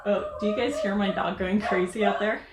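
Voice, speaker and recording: A woman vlog host talks casually to camera, rambling, full of fillers and easy laughs. Her voice sits at an ordinary middle pitch. The room around her rings with a noticeable echo. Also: steady tone, a little fast, very noisy. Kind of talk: casual advice chat to camera. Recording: roomy echo.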